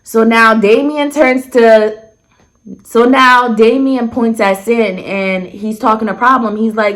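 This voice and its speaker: A young woman in casual storytime chat, blunt and sarcastic, who swears freely and jumps her pitch for emphasis. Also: steady tone, measured pace. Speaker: storyteller vlogger.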